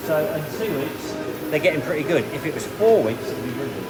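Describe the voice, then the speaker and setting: A man's voice: a little high, sing-song, a little fast. A man hosting a casual vlog, talking bluntly and jokingly with plenty of swearing. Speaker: vlog host. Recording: outdoor noise, vehicles behind.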